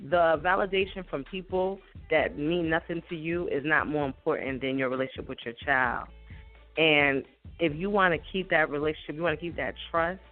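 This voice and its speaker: Earnest, measured woman co-host. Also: deep voice, steady tone. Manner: measured and earnest, with hesitant restarts. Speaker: radio show co-host. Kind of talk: reflective radio talk. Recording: tinny phone-like radio audio with faint music.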